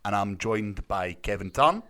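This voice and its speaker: A man hosting a casual podcast chat, chummy and quick to laugh. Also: fairly low pitch, lively intonation, sharp tone. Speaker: podcast host.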